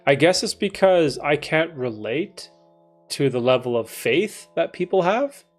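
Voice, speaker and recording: A man in his thirties hosts a livestream in a slightly high voice with lively intonation and a measured pace, with faint music behind him. He reads and answers chat in a casual, laid-back way, saying dude and bro often and swearing some.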